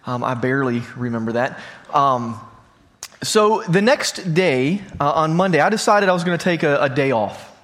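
A man in his late thirties gives a sermon in a relaxed, conversational tone. His voice sits a little high, and he often turns to the congregation with questions. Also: normal speed. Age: 30s. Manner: conversational, asks the audience questions. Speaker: pastor. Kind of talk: sermon with personal story. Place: church hall before a congregation.

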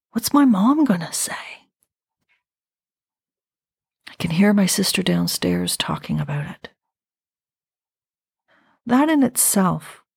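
A woman in her fifties speaks slowly and deliberately, her lower voice carrying a gravelly, husky edge. She hosts a podcast and shares a personal story reflectively and intimately. She sits close to the mic in a dry, quiet room. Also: no echo. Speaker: podcast host.

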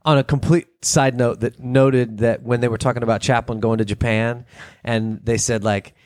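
A man's voice: medium pitch, steady tone, normal speed, a little mellow, no room sound. Rambling laughing man, dry mic. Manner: rambling, laughs mid-sentence, jumps between thoughts. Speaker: podcast co-host. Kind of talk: casual chat.

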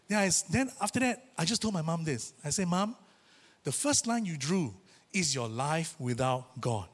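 Animated high-voiced preacher in echoing hall. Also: male voice, a little fast. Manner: animated, chatty, acts out quoted voices. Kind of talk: sermon with personal testimony. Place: church. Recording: reverberant church hall.

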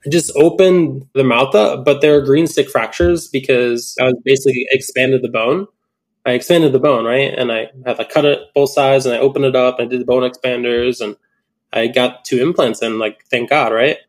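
A man casually telling a story about a surgical mistake, animated and quoting his own reactions. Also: mid-range voice, moderate pace. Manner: animated storytelling with quoted inner voice, swearing. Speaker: implant dentist telling a case story. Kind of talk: casual podcast chat.

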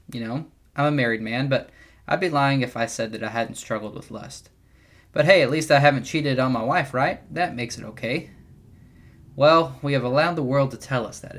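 A young adult man hosting a podcast, giving an earnest, measured devotional teaching with occasional wry asides. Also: mid-range voice, a bit bright. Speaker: podcast host teaching the Bible.

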